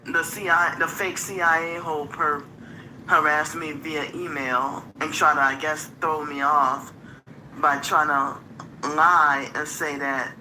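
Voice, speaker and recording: Bright-voiced aggrieved woman in a clip. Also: low voice, steady tone, a little slow, slight background noise, poor audio. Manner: rambling, aggrieved, warns of being harassed. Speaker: streamer in a played clip. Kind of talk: rambling monologue.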